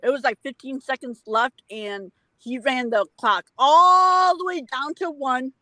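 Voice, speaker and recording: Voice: high-pitched, measured pace, bright, forceful tone, dry recording, low-quality recording. Speaker chiming in with trivia, dry sound. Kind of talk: casual sports banter.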